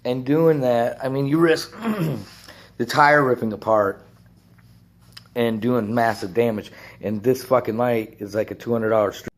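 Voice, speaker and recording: A man telling a rambling biker story in casual talk, swearing often and laughing between lines. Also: medium pitch.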